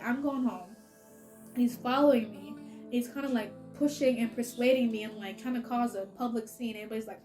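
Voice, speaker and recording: A young woman with a somewhat high voice recounts a story in casual storytime fashion. She rambles with plenty of filler words and ready laughs. Soft music plays faintly underneath. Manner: chatty, heavy use of filler "like", laughs often. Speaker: vlogger.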